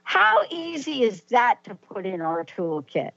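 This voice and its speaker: Her mid-range voice is gravelly and a bit bright, with an unhurried, sing-song lilt as she hosts a casual radio talk show. She muses aloud hesitantly, often beginning sentences again, in audio with no room sound and clipped highs.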